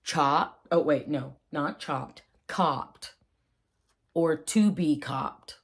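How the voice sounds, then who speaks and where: A woman vlogging casually about slang, playful and rambling, with jokey asides and quick tangents. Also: low-pitched, breathy edge. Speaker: vlogger explaining old slang. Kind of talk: casual chat.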